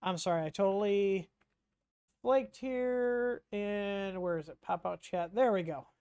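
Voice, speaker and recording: A man's voice: high-pitched, measured pace, warm tone, clear, resonant tone, dry recording. Guy rambling thru chat questions on his stream, lots of ums, dry close sound. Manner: rambling, chatty, reads out chat messages, frequent ums. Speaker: livestream host answering chat questions. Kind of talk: casual livestream Q&A.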